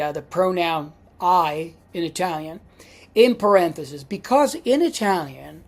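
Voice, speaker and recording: A woman's voice: fairly low pitch, a little mellow. A woman giving a classroom lecture as a language teacher, patiently repeating each example.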